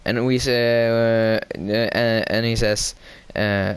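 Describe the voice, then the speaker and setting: A man casually recapping a show episode. He hesitates a lot, fills pauses with "uh" and "um", corrects himself, and gets excitable as he retells the scenes. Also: fairly low pitch, clean tone, no room sound. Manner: hesitant, heavy fillers and self-corrections.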